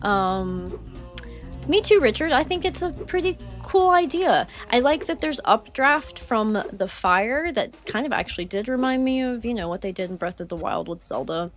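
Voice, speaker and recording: Chatty woman streamer, lively voice. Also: a little high, moderate pace, faint music behind. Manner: chatty, rambling, frequent fillers, reads chat aloud; warm and effusive toward viewers. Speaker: gaming streamer. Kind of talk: casual live-stream chat while playing.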